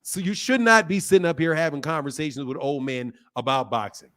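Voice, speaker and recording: A man's voice: fairly high pitch, a little fast, bright, forceful tone. A middle-aged man hosting a boxing live stream from his home desk, taunting and mocking a caller and laughing often while leaning into his computer mic. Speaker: boxing channel host. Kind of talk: heated live-stream argument.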